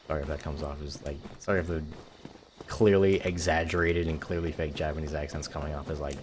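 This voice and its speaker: A man's voice: deep voice, a little fast. A young American man casually commentating his gameplay, rambling and swearing freely. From United States. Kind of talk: casual let's-play commentary. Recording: game music playing clearly behind.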